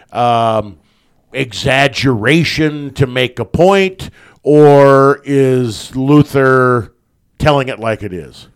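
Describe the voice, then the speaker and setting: A man hosts a talk show in an earnest, measured way. His voice sits at an ordinary pitch and he reads long passages aloud before turning to his guest with questions. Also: clear, resonant tone. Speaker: host. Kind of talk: radio talk show discussion.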